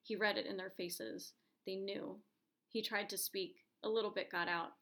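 Gravelly woman reading a story aloud. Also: medium pitch. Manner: steady, measured storytelling with quoted lines voiced. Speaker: narrator.

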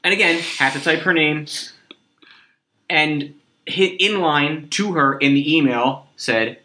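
A man's voice: a little high, takes it slowly, sharp tone. A man co-hosting a podcast in casual chat, telling stories animatedly and swearing casually. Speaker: podcast co-host.

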